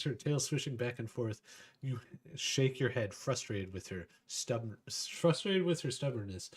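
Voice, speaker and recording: A man's voice: medium pitch, lively intonation, moderate pace, slightly rough. A man streaming a text adventure game with a desk microphone, reading the game text aloud and laughing often. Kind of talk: casual gameplay commentary and reading aloud.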